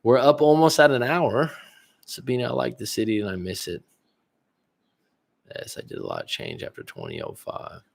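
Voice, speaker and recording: A man's voice: medium pitch, big pitch swings, normal speed, creaky, long pauses. A middle-aged male relationship coach in a casual livestream chat, rambling and reading viewer comments aloud with many restarts. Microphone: livestream webcam.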